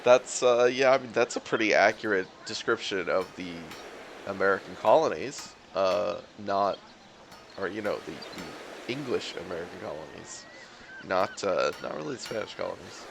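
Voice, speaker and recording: A man's voice: low voice, lively intonation, normal speed, vocal fry, background noise. A man streaming a video game, reading its text aloud and making sarcastic, profane, rambling comments. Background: game music.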